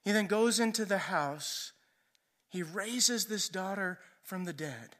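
Brief: a higher-pitched man preaching, chatty storytelling sermon. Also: expressive, slow pace, a bit bright. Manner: conversational storytelling, often asks "right?".

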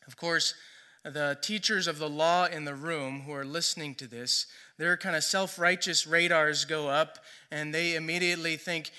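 A man's voice: fairly high pitch, fairly even intonation, moderate pace, bright, forceful tone, clean tone. A man preaching a sermon in a conversational storytelling way, often checking in with "right?". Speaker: pastor.

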